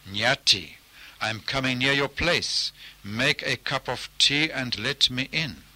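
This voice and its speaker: A man playing a vengeful spirit of the grass fire in a spoken storybook, loud and insistent, with a very bright, ringing tone and a slow, deliberate delivery. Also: medium pitch, expressive, breathy edge, exaggerated voice.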